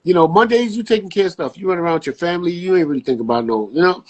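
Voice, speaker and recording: Husky, animated male storyteller. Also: racing, muffled recording. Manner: animated storyteller, jumps high acting out quotes, casual slang. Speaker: podcast guest, barber. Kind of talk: casual podcast chat.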